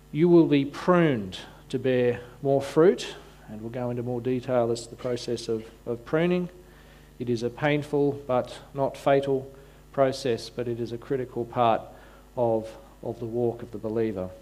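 Slow-talking male preacher with wry asides. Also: mid-range voice, a little mellow. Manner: frequent repeated words and restarts, wry asides. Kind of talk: sermon.

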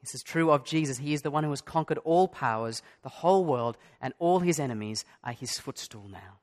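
A man's voice: mid-range voice, expressive, fairly quick. A middle-aged male pastor preaching a sermon in an earnest way, asking his listeners many direct questions.

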